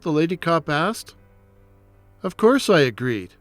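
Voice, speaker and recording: Slow, brooding horror storyteller. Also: mid-range voice, sing-song, no echo, soft background music. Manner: slow, brooding, theatrical delivery. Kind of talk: dramatic first-person horror storytelling.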